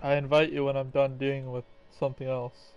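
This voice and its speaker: A man's voice: medium pitch, level tone, a little fast. A young man hosting his own gaming stream, teasing his friends in a mildly exasperated way. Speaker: streamer and channel host. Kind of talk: casual gaming voice chat. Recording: dull-sounding mic with game music behind.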